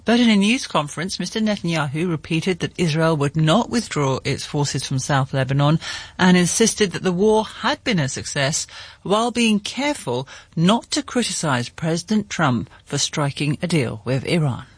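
A male news presenter reads his links in a crisp, scripted manner. His voice sits fairly high and a little husky, recorded close and dry with no room sound. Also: expressive, moderate pace, dry recording.

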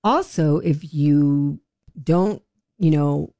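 A woman's voice: sits low, drawn-out words, mellow, no room sound, studio quality. A woman guest on a radio interview, promoting a training program in an encouraging, upbeat way.

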